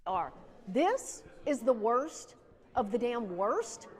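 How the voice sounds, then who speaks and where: A woman's voice: on the high side, very animated, takes it slowly, breathy edge. A woman lawmaker speaking with indignant emphasis in a political speech.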